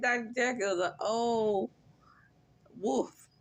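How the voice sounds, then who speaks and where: A woman hosting a casual reality TV recap, chatty and animated, with laughing asides. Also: fairly low pitch, moderate pace.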